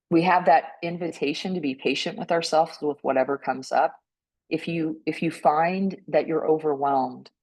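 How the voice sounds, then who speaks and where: Earnest woman panelist, gentle reflective talk. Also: very deep voice, rough recording. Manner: gentle and earnest, often ends points with a questioning "right?"; frequent restarts and repeated words. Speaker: panelist speaking on mental health.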